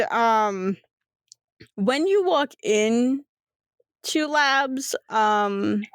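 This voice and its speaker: A woman's voice: mid-range voice, fairly bright tone, clean tone, no echo, clean studio sound. A young woman narrating a tabletop game as game master, rambling and padding her descriptions with "like" and "um". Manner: rambling, filler-heavy description with frequent "like" and "um".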